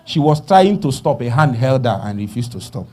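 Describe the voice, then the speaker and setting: A man with a Nigerian accent preaching a sermon, dropping to hushed murmurs and rising to loud calls, asking the congregation to finish his sentences. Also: medium pitch, sing-song, moderate pace. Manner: call-and-response questions to the congregation.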